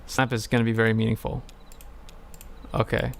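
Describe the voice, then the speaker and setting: A man's voice: medium pitch, completely flat delivery, fairly quick, creaky, a little hiss or hum. A man streaming a game, talking casually in a rambling, hesitant way and swearing now and then.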